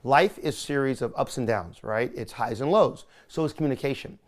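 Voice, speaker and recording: A man coaching someone on making videos, talking with energetic, salesman-like swoops of intonation that rise and fall to make his points. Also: medium pitch, normal speed. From California. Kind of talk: coaching session.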